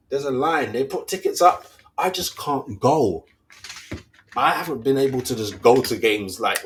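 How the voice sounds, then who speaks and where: Guy on his fan channel, slangy and fired up, keeps asking you get me. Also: mid-range voice. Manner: animated, slangy, rhetorical questions. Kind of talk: casual fan rant.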